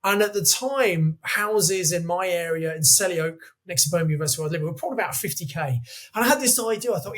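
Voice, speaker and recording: A man in his fifties, a podcast guest telling animated anecdotes in a chatty way. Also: high-pitched, quick pace. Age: 50s. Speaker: guest, property investor. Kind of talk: podcast interview storytelling.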